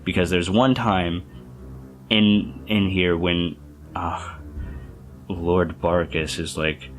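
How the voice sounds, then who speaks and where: A man's voice: sits low, takes it slowly, soft background music. A young man casually reviewing a favorite film in a rambling, enthusiastic vlog, full of fillers and restarts. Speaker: youtuber.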